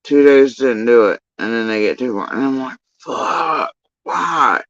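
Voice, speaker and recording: A man's voice: medium pitch, a little fast, a little mellow, no echo, dull audio. A man telling a long story in a casual commentary rant, profane, rambling and exasperated.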